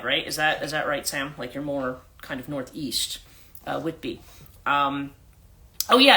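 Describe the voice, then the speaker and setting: Her deep voice sounds bright and forceful. She's an American life coach on a livestream whose accent blends central New Jersey and British, and she chats loosely, restarting often and leaning on fillers.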